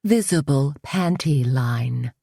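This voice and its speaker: A caustic, haughty boutique owner who huffs and snaps her lines, as a woman reading the story puts her on. Her voice sits low and the pace is slow. The recording is close and dry. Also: lively intonation, vocal fry, dark tone, slightly rough, no room sound, heavily acted. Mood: huffy. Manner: huffy, curt.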